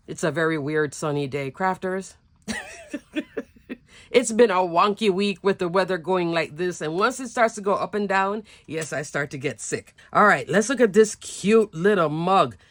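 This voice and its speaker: Chatty lower-voiced woman showing craft stamps. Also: no room sound. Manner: chatty and enthusiastic, gushing over cute items. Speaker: craft channel host. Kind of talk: casual product show-and-tell.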